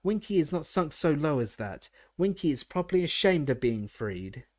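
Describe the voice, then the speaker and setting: A man voicing a tiny, proud female house elf who speaks of herself by name with squeaky indignation. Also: big pitch swings, normal speed, darkish tone. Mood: indignant. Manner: indignant, third-person speech.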